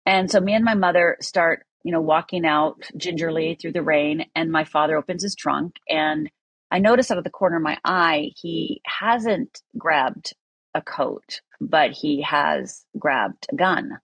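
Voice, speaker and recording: A woman's voice: low voice, measured pace, breathy edge, no room sound. A middle-aged woman from Upper Michigan, telling a personal story as a podcast guest in an earnest, candid way with many fillers.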